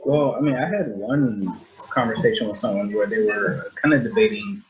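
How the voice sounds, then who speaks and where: A man's voice: fairly low pitch, moderate pace. A man taking part in a casual group discussion, thoughtful and searching for his words. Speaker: discussion participant. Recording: dull lo-fi recording.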